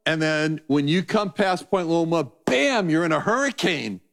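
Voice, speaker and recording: A man's voice: a little high, normal speed. A man giving a conversational sermon as a Bible teacher, telling stories animatedly and acting out voices. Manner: animated storytelling, acts out voices.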